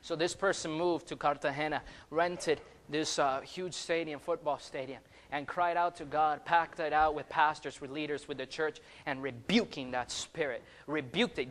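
A high-voiced young man delivers a fervent sermon. He swings between loud, ringing calls and quiet, low asides. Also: moderate pace, hardly any pauses. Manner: fervent preaching, rises loud on calls and drops soft. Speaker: preacher.

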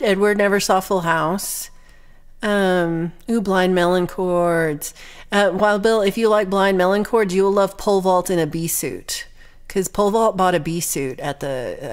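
A young woman chatting casually with her livestream viewers, reading their comments aloud in a rambling, playful way with lots of ums and little laughs. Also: on the low side.

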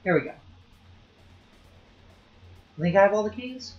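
A man's voice: high voice, animated, unhurried, lo-fi sound, faint music behind. A man giving casual gameplay commentary, thinking aloud and swearing at the game as he plays. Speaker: let's play host.

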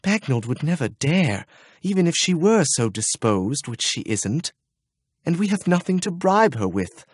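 Man voicing a young princess, timid and wistful, soft husky half-whisper, raised pitch, dry close sound, storybook reading. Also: very animated, unhurried, no echo, exaggerated voice. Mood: earnest.

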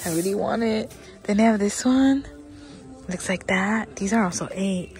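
Woman, unhurried delivery, whispery excitement, store-aisle phone vlog with light background music. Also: medium pitch. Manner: slow, excitable, often drops to a whisper. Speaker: vlogger. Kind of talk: casual shopping vlog. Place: inside a large store.

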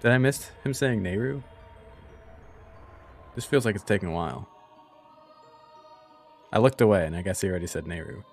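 A man's voice: on the low side, moderate pace, pauses often, faint music behind. A man streaming a game live, making chatty, joking asides to his viewers. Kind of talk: casual live gameplay commentary.

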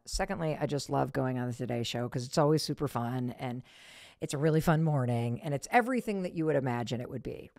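Woman, middle-aged, podcast host, lively storytelling, dry close sound. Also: vocal fry, dry recording. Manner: animated, gushing, acts out quotes in a high voice. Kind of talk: casual storytelling.

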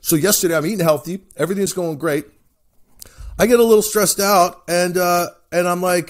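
A man co-hosting a comedy podcast, telling stories in a loud, playful, profane way. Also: high-pitched, fairly quick. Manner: animated, profane, playful storytelling. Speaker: podcast co-host. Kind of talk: casual comedic chat.

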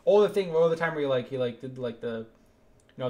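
A young man streaming live gameplay and chatting with viewers, excitable and suddenly louder when something happens. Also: mid-range voice, fast.

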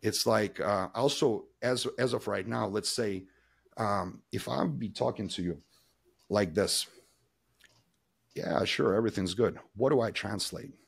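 This podcast guest, an expert on body language, has a lowish, gravelly voice with a breathy edge and an unhurried pace. He talks emphatically and at length in run-on sentences, restarting often and voicing little quoted examples.

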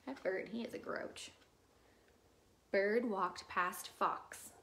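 A woman teacher reading a picture book aloud for children's story time, slow and expressive with gentle asides. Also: medium pitch.

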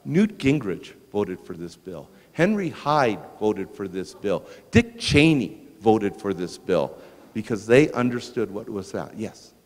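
Lower-voiced man lecturing in a reverberant hall. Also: a little slow. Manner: lively anecdotal storytelling with asides to the audience. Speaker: museum lecturer. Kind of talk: storytelling public lecture. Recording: long reverb in a large hall.

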